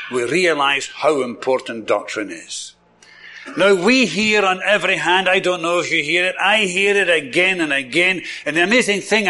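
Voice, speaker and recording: A man's voice: on the high side, pushed and bright. A man with a Scottish accent preaching a sermon, enthusiastic, repeating words for emphasis and chuckling often.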